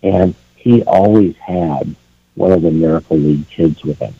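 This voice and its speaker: A man's voice: deep voice, normal speed, vocal fry, breathy edge, dry recording. A man guest on a radio talk show, speaking earnestly and casually. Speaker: event organizer guest. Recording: dry tinny phone-like line.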